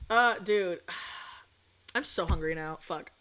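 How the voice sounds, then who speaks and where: A woman's voice: fairly low pitch, moderate pace, fairly bright tone. A young adult woman streaming as a VTuber, chatting casually and rambling, swearing freely and laughing often. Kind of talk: casual chat.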